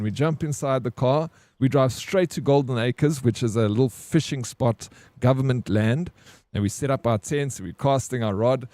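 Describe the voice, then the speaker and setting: A man's voice: medium pitch, normal speed, dark tone, no echo. Laid-back man telling stories. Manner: laid-back, swears, says "bro". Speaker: streamer. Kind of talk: casual storytelling to stream chat.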